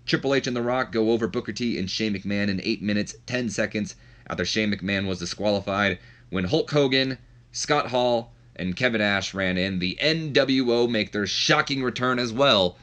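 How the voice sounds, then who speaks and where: Deep, bright-toned casual gaming narrator. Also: male voice, normal speed. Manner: chatty, self-deprecating, often restarts sentences. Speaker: game streamer. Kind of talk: casual let's-play commentary.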